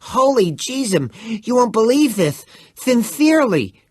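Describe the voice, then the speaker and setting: A man voicing a breathless, excitable young boy who talks in an urgent, earnest rush. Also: extremely high pitch, measured pace, husky, no echo, clean studio sound, voice pushed up, heavily acted. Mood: excited.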